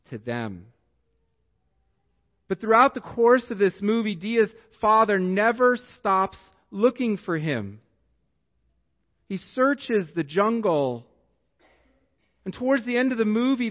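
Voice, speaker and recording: Slow-spoken male pastor in an echoey hall. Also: high-pitched. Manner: slow, deliberate storytelling with long pauses. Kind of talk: sermon. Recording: echoey hall, dull lo-fi sound.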